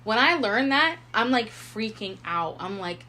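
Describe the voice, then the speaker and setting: A young woman in her twenties tells a personal story on a podcast, chatting loosely with lots of "like" and acted-out inner thoughts. Her voice sits at an ordinary middle pitch, with a faint hiss of noise behind her. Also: moderate pace, few pauses. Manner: chatty, heavy use of "like", animated retelling with quoted inner thoughts. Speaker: podcast co-host. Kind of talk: casual storytelling chat.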